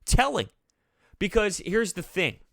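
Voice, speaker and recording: A male sports vlogger gives fan reaction commentary, venting about his team in a bright, forceful, high-pitched, gravelly voice. He speaks unhurriedly but is animated and exasperated, laughing through his frustration. The audio is dry and close, with no room sound or echo.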